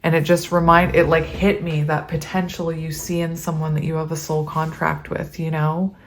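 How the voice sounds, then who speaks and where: A woman talks through a tarot reading in a loose, conversational way. Her voice sits a little low for a woman, and she often pauses, says um, and gets emotional as she reads passages aloud. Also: level tone. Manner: chatty and emotional, reading aloud with many ums. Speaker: tarot reader.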